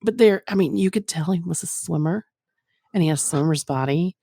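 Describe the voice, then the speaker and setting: Frank low-voiced woman on a podcast. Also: fairly quick, vocal fry, dark tone, dry recording, studio quality. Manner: frank and candid, rambling. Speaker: guest, former phone sex operator. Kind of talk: casual podcast chat.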